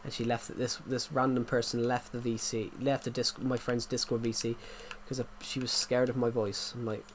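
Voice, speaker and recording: A man's voice: mid-range voice, level tone, moderate pace, slight background noise. An English man chatting casually on a livestream, rambling with many restarts and fillers, his throat sore. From England. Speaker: livestream host.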